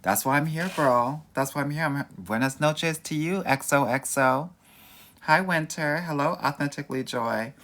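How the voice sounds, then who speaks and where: A man's voice: fairly high pitch, moderate pace, bright, forceful tone. A young adult man coaching on dating in a live-stream Q&A, sassy and campy, talking with a Valley Girl lilt and calling viewers girl and honey. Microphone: phone or webcam mic for a live stream.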